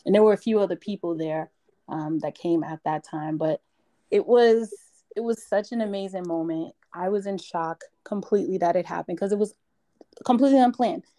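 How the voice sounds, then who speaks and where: Lowish voiced brooklyn woman, excited storyteller, repeats herself for emphasis. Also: moderate pace. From Brooklyn, New York. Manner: excited, emphatic retelling with repetitions. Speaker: interview guest. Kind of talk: casual storytelling.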